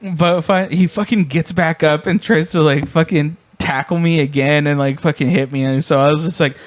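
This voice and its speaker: A man's voice: on the high side, steady tone, moderate pace. Profane, rambling young man telling stories. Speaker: podcast co-host. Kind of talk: casual storytelling chat.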